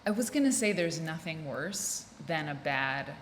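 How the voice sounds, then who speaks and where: An American woman hosts a casual solo podcast from an office room, rambling, chatty, and interrupting herself. Her low voice is animated and a little slow. The recording has roomy echo, faint ambience, and a little hiss or hum.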